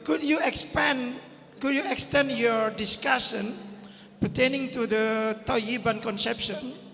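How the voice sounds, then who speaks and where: A man with a very high, gravelly voice asks a question at a conference. He talks slowly and deliberately, pausing to check that he is understood. A long reverb trails his voice. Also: steady tone, bright, forceful tone. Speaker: audience member asking a question.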